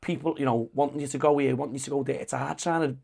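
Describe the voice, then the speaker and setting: A man's voice: mid-range voice, steady tone, quick pace, gravelly, crowd noise. A British man hosting a podcast, chatting casually and swearing freely with his guest. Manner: profane, affirming backchannel. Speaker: podcast host. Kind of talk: casual interview chat.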